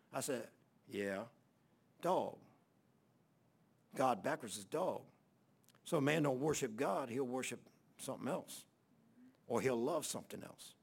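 A man preaching a sermon in a folksy, halting way with many fillers, reading scripture aloud in old-fashioned wording. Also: mid-range voice. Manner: reads scripture aloud in King James wording. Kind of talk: sermon Bible teaching.

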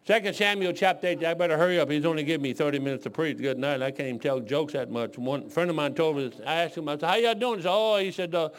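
A man's voice: fairly high pitch, fast, hardly any pauses. Man, 60s, from Detroit, preacher, folksy sermon, joking storyteller.

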